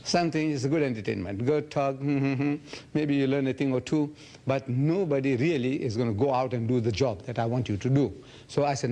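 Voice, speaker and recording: A man in his seventies from Africa, answering audience questions in an animated lecture and acting out quoted dialogue. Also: mid-range voice, normal speed. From South Africa. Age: 70s. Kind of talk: public lecture Q&A.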